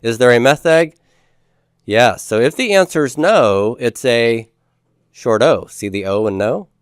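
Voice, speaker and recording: A man's voice: medium pitch, measured pace, clear, resonant tone, no echo, studio quality. A man reviewing homework as a teacher, patiently asking questions, answering them himself, and drawing out key words. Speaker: Hebrew teacher.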